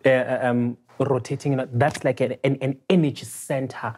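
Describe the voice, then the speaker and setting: A woman's voice: extremely low pitch, fairly even intonation, normal speed, mellow, breathy edge. A woman with a South African accent, a podcast guest who speaks hesitantly and searches for her words. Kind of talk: podcast discussion.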